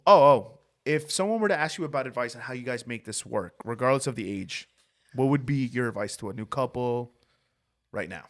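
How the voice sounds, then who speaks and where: A man's voice: medium pitch, lively intonation, a little fast, a bit bright. Young man swearing through rambling stories. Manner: swears a lot, rambling anecdotes. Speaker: podcast host. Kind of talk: casual chat, storytelling.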